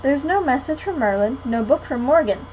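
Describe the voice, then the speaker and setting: A woman's voice: high voice, expressive, moderate pace, a little mellow, slight background noise, poor audio. A teenage girl voicing a cautious, bookish young boy from a storybook, sensible and matter-of-fact.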